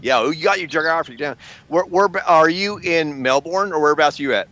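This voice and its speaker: A man's voice: a little high, a little fast, a bit bright. A man hosting a group chat stream, rambling chattily with lots of fillers. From United States. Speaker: host.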